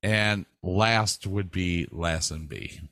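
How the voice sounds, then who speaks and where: A man co-hosting a casual chat, asking his partner questions at an unhurried pace. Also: deep voice, a bit bright, no room sound, clean studio sound. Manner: leads with questions, slow and drawn out.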